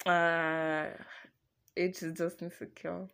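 A young woman casually telling a personal story to her viewers, chatty and animated, laughing often. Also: on the low side, slow pace. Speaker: vlogger.

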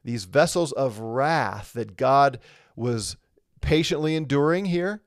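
A man's voice: medium pitch, lively intonation, slow, no room sound. Conversational male Bible teacher, dry sound. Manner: conversational, reads comments aloud, chuckles. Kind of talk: live-streamed Bible lesson with chat.

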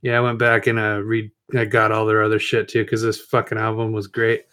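A man co-hosting a podcast in casual chat, easygoing and quick to laugh at jokes. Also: on the low side, completely flat delivery, a bit bright, clean tone. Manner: easygoing, laughs often, joking asides. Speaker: podcast co-host.

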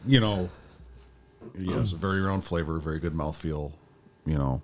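A man's voice: deep voice, moderate pace, background noise. A man co-hosting a casual coffee chat, joking around and acting out little voices. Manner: joking, acts out voices, animated. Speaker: podcast co-host reviewing coffee.

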